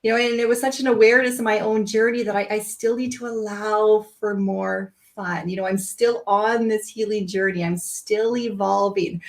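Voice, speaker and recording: A woman's voice: mid-range voice, fairly even intonation, moderate pace, hardly any pauses, poor audio. A woman guest on a podcast, speaking in a reflective, musing way and often saying "you know". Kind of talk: casual podcast conversation.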